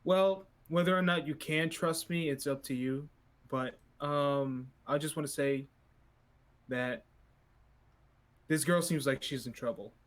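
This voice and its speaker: A man playing his character in a tabletop game, hesitant and full of restarts. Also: mid-range voice. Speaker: player.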